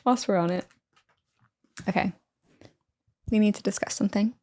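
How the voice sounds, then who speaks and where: A woman hosting a podcast, giving quick encouraging reactions and playful prompts to her guest. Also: mid-range voice, warm tone. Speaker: podcast host. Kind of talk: casual interview chat.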